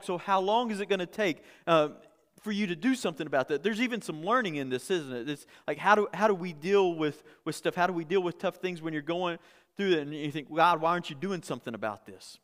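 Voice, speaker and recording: A man's voice: sits high, brisk, a bit bright, in a large hall. A man preaching a sermon in a conversational way, often repeating words and building to emphatic peaks. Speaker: pastor.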